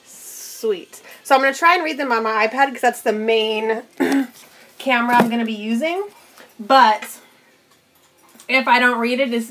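A woman's voice: on the high side, fairly bright tone. A woman streaming cosplay work from home, chatting casually with viewers and her pet bird, laughing often. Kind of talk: casual live stream chat.

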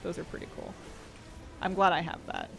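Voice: medium pitch, huge pitch swings, normal speed, vocal fry, a bit bright, soft background music. Giggly, chatty game streamer. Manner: chatty and giggly, reads out chat. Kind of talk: casual live-stream chat while gaming.

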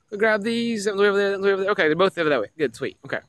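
Young man, excitable streamer, keeps repeating himself, fairly high pitch, dry sound. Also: very fast, no echo. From Tennessee. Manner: excitable, repeats himself, addresses chat as guys. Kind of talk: casual live-stream gaming chat.

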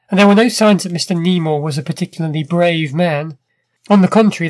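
High-voiced man narrating a classic story. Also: no echo. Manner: measured, vivid first-person storytelling.

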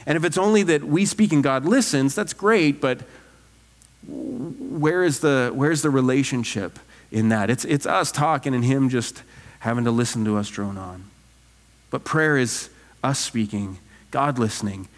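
A man, a pastor, preaching an earnest, animated sermon full of rhetorical questions. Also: medium pitch, unhurried, in a large hall. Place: church sanctuary.

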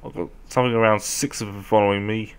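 A young man commentating a game as he plays, often shouting at zombies. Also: on the low side, fast, clean tone. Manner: animated, often yelling at zombies. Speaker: gameplay commentator. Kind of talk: let's play commentary.

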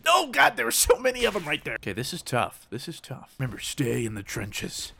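A man commenting on his own gameplay, switching between mock-serious war narration and excited, jokey outbursts. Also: on the high side, moderate pace, vocal fry, slight background noise. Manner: jokey, teasing. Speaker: gaming YouTuber.

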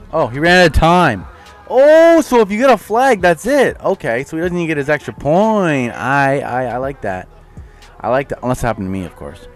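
A young man giving rowdy play-by-play over his own football video game, cursing freely and trash-talking his opponent. His voice swings widely in pitch, jumping from low mutters to sudden high yelps at big plays, with faint music playing behind him. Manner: excitable, swears a lot, yells at plays, trash-talks opponents. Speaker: gaming YouTuber. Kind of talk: live gameplay commentary.

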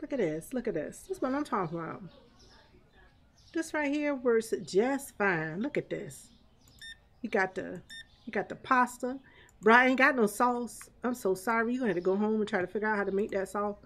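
A woman's voice: on the high side, expressive, moderate pace, fairly bright tone. A woman streamer giving chatty live gameplay commentary, laughing often and talking back to chat and the game's customers.

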